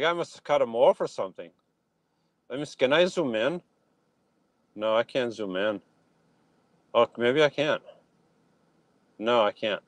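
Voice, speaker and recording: Speaking from his phone on a live stream, a man chats casually, reacting to viewers' comments and answering them in an animated way. His voice is mid-range with no echo, and he's outdoors in a yard at dusk.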